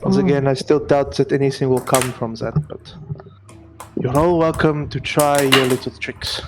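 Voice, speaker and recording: A man playing a tabletop game, speaking in character at a measured, even pace. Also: medium pitch, background noise. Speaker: player. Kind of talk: tabletop role-play.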